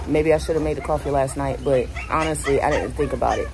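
A woman's voice: very deep voice, quick pace, few pauses, background noise. A middle-aged woman chatting casually to her vlog camera and venting candidly about her morning. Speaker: vlogger.

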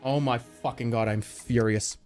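A man's voice: mid-range voice, fairly even intonation, a little slow, a little mellow, faint music behind. A man in his thirties giving playful live-stream game commentary, swearing and laughing.

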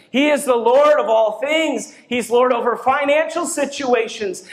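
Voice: high voice, echoey room. A pastor delivering a sermon to a congregation, with emphatic rising bursts. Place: church hall.

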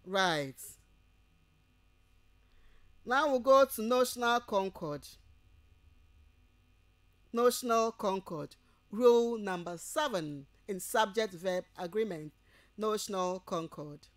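A woman with a Ghanaian English accent giving a radio lecture to university students, repeating each point slowly as if dictating and checking that they follow. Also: medium pitch, animated, no room sound.

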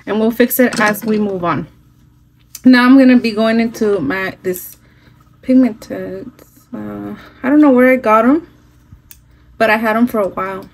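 A woman's voice: medium pitch, moderate pace, pauses often, a little hiss or hum, poor audio. A woman chatting casually through a makeup tutorial, mixing in phrases and swearing now and then, recorded on a phone at home. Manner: chatty, switching into Spanish phrases, some swearing. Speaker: makeup vlogger.

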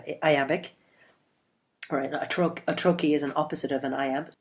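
A woman with a notably low voice delivers a literature lecture. She explains imagery and meter step by step, checking in with okays and you-knows. When she quotes verse, she reads it aloud with expression. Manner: explanatory, with frequent okay and you know. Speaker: literature educator.

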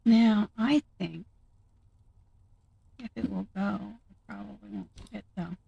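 Gravelly-voiced woman thinking aloud. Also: medium pitch, steady tone, mellow, muffled recording. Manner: thinking aloud, chatty and unhurried. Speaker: gaming video host. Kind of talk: casual game commentary.

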